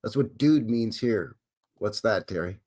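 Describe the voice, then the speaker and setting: A man from Western Canada hosts a live stream, speaking in a lowish, animated, slightly mellow voice at a somewhat slow pace. His chat rambles, acts out quoted voices, and responds to viewers.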